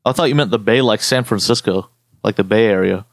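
A young man co-hosting a podcast, ranting and joking in animated, slangy casual chat. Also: fairly low pitch, a little fast, no echo. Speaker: podcast co-host.

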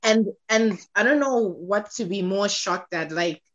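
A woman's voice: medium pitch, measured pace, fairly bright tone. A young woman co-hosting a podcast, skeptical and full of fillers in casual chat. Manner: skeptical, sighing, filler-heavy. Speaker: podcast co-host. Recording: slightly muffled podcast audio.

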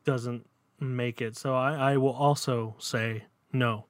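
A man chatting as a podcast co-host, loose and rambling, full of "uh" and "like". His middle-pitched voice sounds dry and close, with no room around it. He restarts his sentences often as he talks. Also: steady tone, takes it slowly, no echo. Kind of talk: casual chat.

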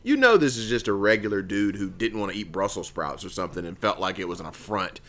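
A man co-hosting a casual comedy podcast, joking and laughing often as he chats. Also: quick pace. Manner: joking, laughs often, lively swings in pitch. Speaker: podcast co-host.

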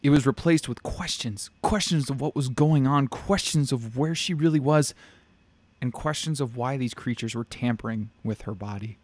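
A man reading a dark fantasy story aloud in a steady, measured way. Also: mid-range voice, no room sound. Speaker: narrator.

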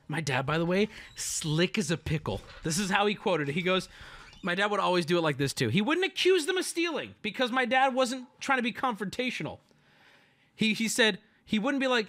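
A man's voice: high voice, fairly quick. A man telling a family story on his stream in a casual, profane, joking way. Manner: animated, profane, jokey.

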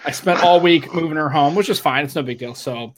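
A middle-aged man hosts a casual podcast from a home office, talking over a video call. His voice sits a touch high for a man, and he rambles along and teases his co-host. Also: a little fast, slight background noise. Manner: rambling, teasing. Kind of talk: casual chat. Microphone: webcam video call.

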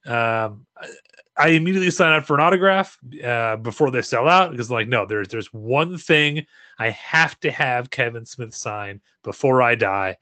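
A man's voice: medium pitch, lively intonation, moderate pace, pushed and bright, no room sound. A man co-hosting a podcast, chatting enthusiastically and casually about a convention. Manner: enthusiastic, chatty, many restarts. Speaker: podcast co-host. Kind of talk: casual chat.

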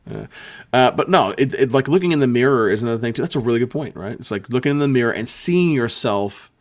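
A man co-hosting a podcast in casual chat, rambling and encouraging, and quick to laugh. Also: medium pitch, expressive. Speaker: podcast co-host. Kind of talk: casual chat about tabletop gaming.

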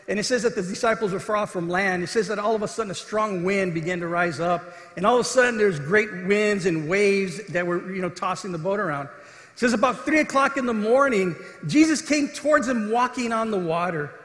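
A man with a notably high voice delivers an earnest sermon, stepping into the voices of the scripture story. He sounds like he is in a large hall, his words trailing off in a long, roomy echo. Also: fairly quick, fairly bright tone. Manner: earnest preaching, acts out quoted voices with rising intensity. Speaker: pastor. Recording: echoey hall.

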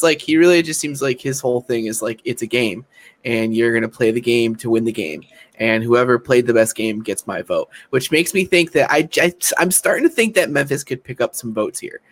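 A man hosts a podcast, chatting casually about a reality show with an easy, mid-pitched voice. He often hesitates and restarts his sentences. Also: fairly bright tone.

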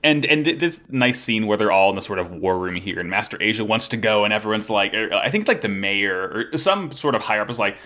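Man, podcast co-host, casual chat, lively pitch, bright tone. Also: fast talker, hardly any pauses. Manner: animated, laughing, acting out scenes.

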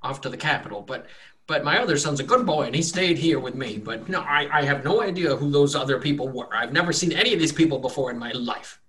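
A man's voice: on the high side, expressive, fast talker, a bit bright, recorded from a distance. A man voicing a distraught old male farmer who stammers and begs to be believed. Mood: defensive. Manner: frantic, stammering, begging.

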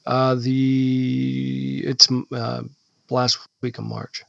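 A man co-hosting a podcast in casual chat, rambling and halting with many restarts. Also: medium pitch, little pitch movement, vocal fry, fairly bright tone, dry recording. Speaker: podcast co-host. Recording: slightly dull lo-fi sound.

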